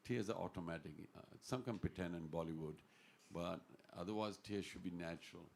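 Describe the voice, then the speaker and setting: A man's voice: sits low, fairly quick, vocal fry, darkish tone, slight background noise. A man giving an earnest, informal devotional talk in a temple class, telling stories and quoting Sanskrit verses. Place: temple hall.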